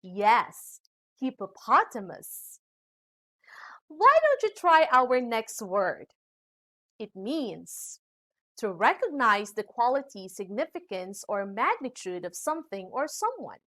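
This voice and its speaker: A woman from the Philippines with a Filipino accent, teaching a scripted English pronunciation lesson to students. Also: a little high. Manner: slow, lively teacherly delivery addressing students.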